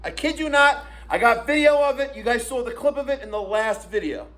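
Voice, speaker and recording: A man's voice: very high-pitched, brisk. A middle-aged man telling an indignant, profane story to his viewers as a vlogger. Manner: indignant, profane, animated retelling. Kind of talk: storytelling rant to camera.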